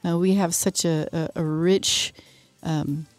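A woman's voice: lowish voice, steady tone, takes it slowly, dry recording, soft background music. Chatty woman hosting a radio show. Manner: enthusiastic, chatty, with fillers. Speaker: radio host.

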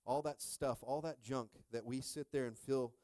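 A middle-aged man preaching a sermon with lively energy, often checking in with the congregation. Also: medium pitch, moderate pace. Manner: energetic, repeatedly asking "are you with me?". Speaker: pastor.

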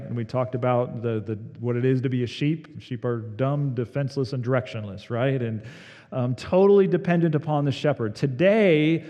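A male pastor delivers a sermon with a mid-range voice, stressing key phrases and then letting his voice fall quiet. The sound carries a long reverb, as in a church sanctuary. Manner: emphatic, swelling on key words then dropping low.

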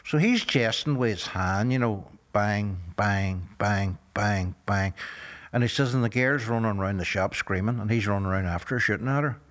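An older man in his sixties with a Northern Irish accent, telling a story in an interview in a measured, earnest way, often saying "you know". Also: lowish voice, a bit bright. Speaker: guest.

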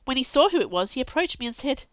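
Smooth-voiced woman reading a gothic tale. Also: high voice, big pitch swings, quick pace, no room sound. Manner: anguished, intense, theatrical narration with sudden hushes. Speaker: narrator. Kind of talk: dramatic audiobook reading. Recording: slightly dull, dry recording.

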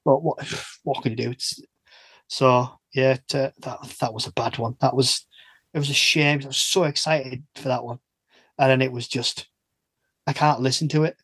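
A man's voice: medium pitch, steady tone, normal speed, fairly bright tone, husky, no echo. A man chatting casually as a podcast host, laughing often and restarting his sentences. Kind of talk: casual chat.

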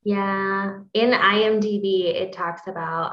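An easygoing woman co-hosting a book podcast, agreeable and quick to laugh. Her voice is mid-pitched and captured with a roomy echo. The recording has a dull, muffled top end. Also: fairly even intonation, fairly bright tone. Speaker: podcast co-host. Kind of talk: casual book-club chat.

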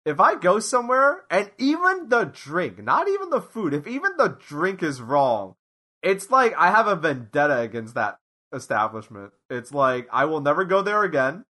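Lively, high-pitched ranting man. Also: moderate pace. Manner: animated, ranting, swears freely. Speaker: podcast host. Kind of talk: casual podcast chat.

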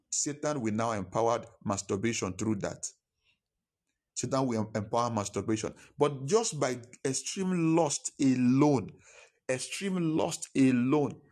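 A man delivers a Sunday sermon at an ordinary pitch, hammering his points home. He repeats key phrases for emphasis and talks straight to the congregation. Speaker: preacher.

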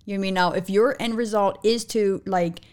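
A woman's voice: medium pitch, fairly even intonation, brisk, darkish tone. A middle-aged woman, the vlogger's mother, chatting casually and backing her daughter up emphatically. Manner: supportive, emphatic, frequent "right". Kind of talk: casual chat.

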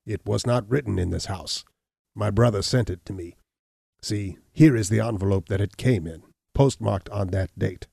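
Man voicing a mocking hunchbacked schemer, storybook, gravelly, dark tone. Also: lowish voice, moderate pace, dry recording, studio quality. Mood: sly.

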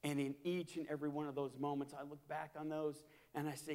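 A man preaching a sermon as a pastor, impassioned and repetitive, swinging from hushed to loud. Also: fairly high pitch, level tone, a little fast, hardly any pauses. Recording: long hall reverb.

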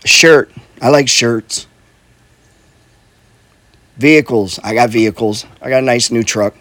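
A middle-aged man who invests in and coaches on real estate gives a casual motivational talk, blunt and profane, repeating himself and often asking "right?" and saying "bro." His mid-range voice is a bit bright and measured in pace.

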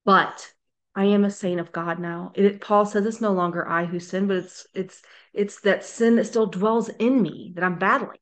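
A woman's voice: mid-range voice, steady tone, moderate pace. A woman giving an earnest, emphatic Bible teaching, acting out quoted voices as she goes. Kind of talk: sermon-style teaching video.

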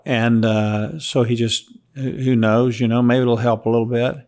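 A man's voice: mid-range voice, little pitch movement, unhurried, a little mellow. A man hosting a faith podcast, talking reflectively and telling stories. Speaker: podcast host. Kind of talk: casual interview talk.

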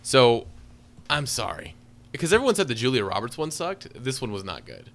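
A man's voice: mid-range voice, very animated, brisk, fairly bright tone. A man co-hosting a podcast, giving a sarcastic, exaggerated movie review in casual chat. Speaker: podcast co-host.

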